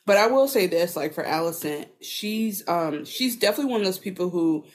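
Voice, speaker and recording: Low-voiced woman rambling casually. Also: lively intonation, a little fast. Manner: rambling, profane, heavy use of filler "like". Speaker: podcast co-host. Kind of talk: casual chat.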